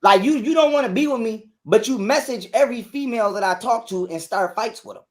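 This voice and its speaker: A man's voice: sits high, brisk. Profane, ranting man. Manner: profane, ranting, repeats himself, acts out quotes loudly. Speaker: guest telling his side of a breakup. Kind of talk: heated interview talk.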